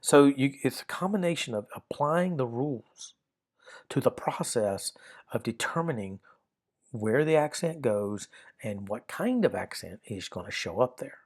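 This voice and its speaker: A man explaining grammar rules one example at a time. His voice sits at an ordinary middle pitch. He works methodically, circling back and repeating phrases as he checks each form. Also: lively intonation, measured pace, breathy edge. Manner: methodical, repeats and restarts while pointing at examples. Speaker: Greek grammar teacher.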